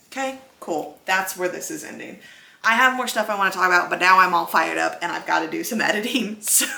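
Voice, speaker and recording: A woman's voice: lowish voice, vocal fry, pushed and bright. A young adult woman talking bluntly, with some swearing, in a casual book vlog. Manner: blunt and profane. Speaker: book vlogger.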